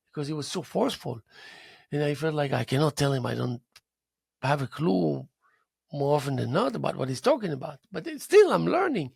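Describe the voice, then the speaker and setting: A man hosting a talk show, telling a story in a casual monologue with animated delivery and spoken drum sounds. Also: a little high, vocal fry, husky, no echo, studio quality.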